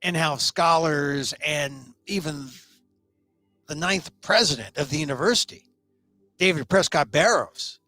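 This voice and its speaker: A man's voice: on the high side, a little slow, bright, forceful tone, no echo, soft background music. Emphatic middle-aged male talk host. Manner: emphatic, shifting pace for stress. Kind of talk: solo commentary monologue.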